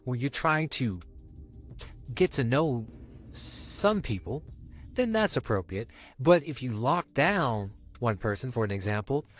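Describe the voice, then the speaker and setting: A man's voice: mid-range voice, fairly bright tone. A young man co-hosting a podcast, talking candidly and rambling in casual chat. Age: young adult. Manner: candid, rambling, restarts often. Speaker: podcast co-host.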